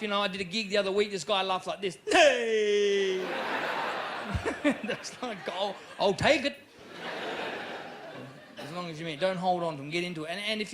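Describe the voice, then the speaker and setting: An Australian man in his thirties doing live stand-up comedy, animated and quick to jump into loud character voices. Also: sits high, noisy background. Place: comedy club stage.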